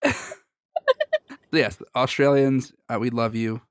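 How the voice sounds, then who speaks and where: Podcast cohost rambling n laughing, mid pitch voice, dry close mic. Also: steady tone, unhurried, smooth, no echo. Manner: rambling, self-interrupting, laughs often. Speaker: podcast co-host. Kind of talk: casual chat.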